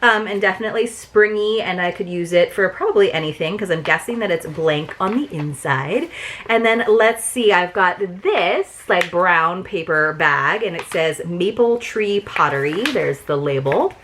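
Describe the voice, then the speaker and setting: A woman's voice: fairly low pitch, normal speed, a bit bright, slight background noise. A woman vlogger chatting casually through an unboxing, gushing and full of fillers.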